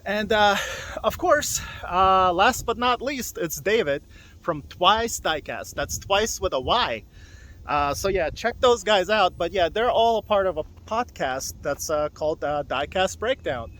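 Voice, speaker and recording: Walking solo through a forest, this young Hot Wheels vlogger sounds slightly winded as he chats loosely on camera, with plenty of fillers and restarts. His voice is high-pitched, animated and a bit bright, and he takes his time.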